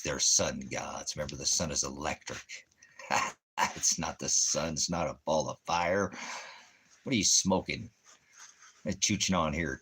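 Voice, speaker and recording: A man with an extremely low, rumbling voice rants in a sarcastic, mocking tone. He delivers religious commentary as a ministry host and chuckles scornfully between his jabs. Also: a bit bright, husky.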